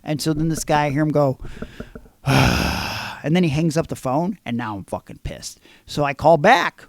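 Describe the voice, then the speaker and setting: A man hosting a podcast, telling stories in a casual, animated, profane way. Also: on the high side, measured pace, vocal fry, dry recording, studio quality. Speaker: podcast host. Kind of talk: casual chat.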